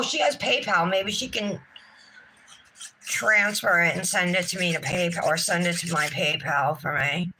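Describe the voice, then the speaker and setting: Bright-voiced exasperated woman streamer. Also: on the low side, slight background noise, low-quality recording. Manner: exasperated, talks to herself and the chat. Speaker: nail art livestream host. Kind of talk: casual livestream chat to viewers.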